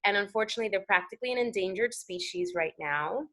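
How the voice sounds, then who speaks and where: An American actress talking as a guest on a talk show, animated and chatty with lots of fillers. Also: female voice, mid-range voice, fast. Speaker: guest actor. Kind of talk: casual interview chat.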